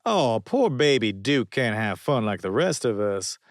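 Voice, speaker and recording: A bouncy, high-pitched ex-football star, yelping in disbelief at every new surprise, as a male narrator puts him on. He sounds loud and lively, leaping around in pitch, recorded dry and close. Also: dry recording. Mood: teasing. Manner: incredulous, quick exclamations.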